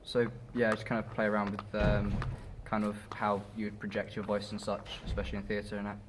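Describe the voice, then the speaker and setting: A man's voice: on the low side, completely flat delivery, a little fast, slight background noise. A man drama student talking in a casual group discussion, hesitant, with many ums.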